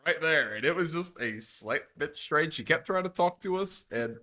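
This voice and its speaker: A man's voice: fairly high pitch, expressive, normal speed, sharp tone. A young man co-hosting a casual sports podcast, laid-back and laughing often as he tells his stories. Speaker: podcast co-host.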